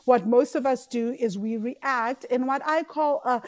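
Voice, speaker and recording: Chatty woman, slightly high. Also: unhurried. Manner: emotive, chatty, fillers and tag questions. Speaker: podcast host and money coach. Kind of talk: casual solo podcast talk.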